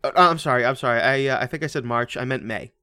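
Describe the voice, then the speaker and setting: A man co-hosting a casual podcast, rattling on about a movie with jokey asides and laughter. His voice sits at an ordinary middle pitch and sounds close and dry, with no room around it. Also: pushed and bright, clear, resonant tone, no echo. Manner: chatty, jokey, laughs often, quick asides. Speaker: podcast co-host.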